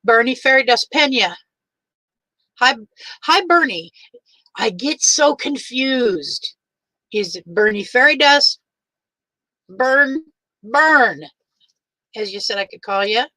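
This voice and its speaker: Older woman, livestream host, teary, warm and chatty, bright higher voice. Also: lively intonation, measured pace, no echo, low-quality recording. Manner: warm, chatty, greets each viewer by name. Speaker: livestream host greeting viewers. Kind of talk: casual livestream chat.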